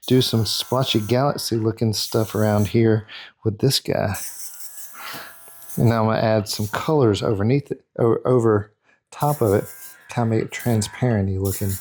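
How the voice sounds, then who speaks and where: A man talks through an airbrush painting lesson in a loose, conversational way. His voice sits at an ordinary middle pitch, and he chats to himself as he works, often counting off steps. A faint noise hangs under the recording. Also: darkish tone. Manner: chatty, self-talk while working, counts out steps. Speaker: airbrush artist and tutorial host. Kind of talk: casual narrated painting tutorial.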